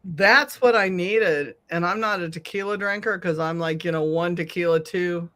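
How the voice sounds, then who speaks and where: A middle-aged woman telling a long, animated story on a podcast, swearing freely and laughing often. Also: on the low side, normal speed. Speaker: podcast co-host. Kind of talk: casual storytelling chat.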